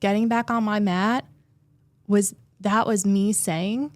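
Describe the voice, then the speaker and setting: A woman's voice: medium pitch, steady tone, slow pace, a little mellow, dry recording. Heartfelt woman telling a personal story. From New Jersey. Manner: heartfelt, tearful at moments, many "like" fillers. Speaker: therapist guest.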